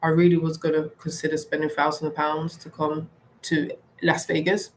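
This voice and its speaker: A woman's voice: low voice, monotone, moderate pace, slight background noise. A young woman ranting bluntly and with animation, delivering solo wrestling commentary. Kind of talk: opinionated solo rant.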